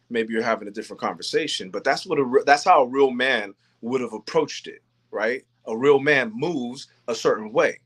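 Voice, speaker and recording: A man's voice: medium pitch, normal speed, fairly bright tone. A man hosting a faith-based talk show, speaking earnestly with frequent ums and restarts. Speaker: host. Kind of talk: monologue on faith and manhood.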